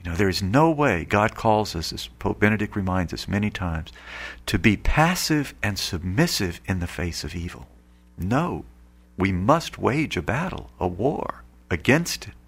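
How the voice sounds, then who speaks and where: A man's voice: low voice, big pitch swings, measured pace, husky. A man preaching an earnest Catholic radio sermon, rising now and then to emphatic outbursts.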